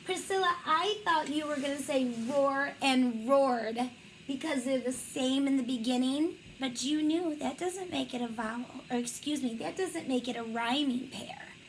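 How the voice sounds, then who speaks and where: High-voiced lady teacher reading a picture book to little kids, slow and encouraging, faint hiss behind. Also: low-quality recording. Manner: slow, encouraging, praising often.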